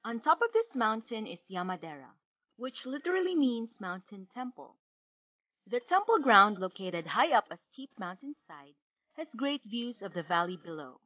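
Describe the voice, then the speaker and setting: A woman reading a scripted travel voice-over in a measured, informative guide tone. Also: a little high, sing-song, fairly bright tone, no room sound, highs cut off. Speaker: travel vlogger.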